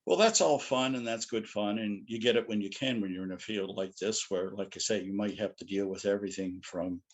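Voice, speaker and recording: A man's voice: fairly low pitch, brisk. A middle-aged man telling anecdotes as a guest speaker in a loose, rambling way. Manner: rambling, anecdotal, frequent "you know". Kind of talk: casual storytelling lecture.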